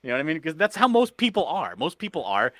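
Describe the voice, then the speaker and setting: A man's voice: fairly high pitch, wildly swooping pitch, fast, a bit bright, no echo, clean studio sound. Blunt, cursing man ranting on a stream. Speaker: livestream host. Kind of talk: heated casual chat.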